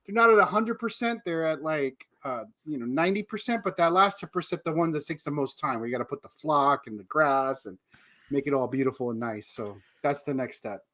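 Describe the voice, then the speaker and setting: A middle-aged man co-hosting a casual podcast chat, joking and laughing often with quick self-deprecating asides. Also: fairly high pitch, animated, sharp tone. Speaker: podcast co-host.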